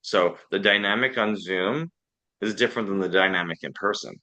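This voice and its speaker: A man's voice: low-pitched, brisk, bright, forceful tone, rough recording. A man with a Canadian accent in a casual group discussion, telling self-deprecating anecdotes.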